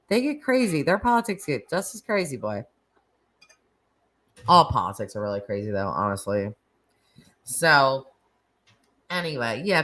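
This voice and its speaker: Her voice sits low but sounds a bit bright. This Northeastern American host runs a casual live-stream chat, reading viewers' comments aloud and chatting in a rambling way peppered with "like" and laughs.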